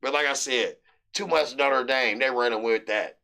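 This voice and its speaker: A middle-aged American man hosting a sports betting show, rambling loosely through his picks with hype and shout-outs. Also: mid-range voice, moderate pace, background noise. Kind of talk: casual sports picks monologue.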